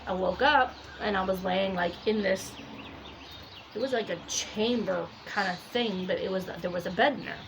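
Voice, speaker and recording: A woman casually recounting a dream, rambling and animated, full of fillers and quoted speech. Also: mid-range voice, moderate pace, creaky, noisy background. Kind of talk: casual spoken storytelling.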